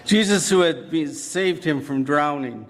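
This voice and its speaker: A man's voice: on the high side, a little slow. A man preaching a sermon, telling a dramatic story in an earnest, vivid way. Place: church sanctuary. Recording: long church reverb.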